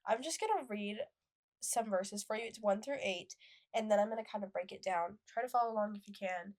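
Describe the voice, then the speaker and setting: A woman's voice: medium pitch, brisk, darkish tone. A young woman co-hosting a casual faith podcast, reading scripture aloud and then explaining it. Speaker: podcast co-host.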